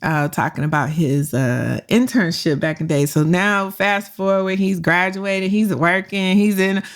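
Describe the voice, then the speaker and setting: A woman's voice: lowish voice, normal speed. A woman hosting a career podcast, telling a story with frank, slangy and profane advice, laughing often. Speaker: podcast host and career coach.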